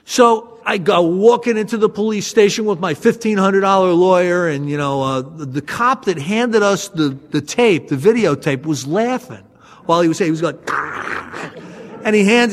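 A man telling a self-mocking story about his drinking to an audience, in an animated, storytelling way. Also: sits high, moderate pace. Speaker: speaker sharing a recovery story. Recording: long hall reverb.

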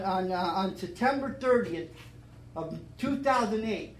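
A middle-aged man tells his story to a meeting room, earnest and repetitive, his voice swelling into loud, emphatic declarations. The sound is roomy and echoey, with a faint hum underneath. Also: high voice. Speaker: speaker at a recovery meeting. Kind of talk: personal testimony to an audience.

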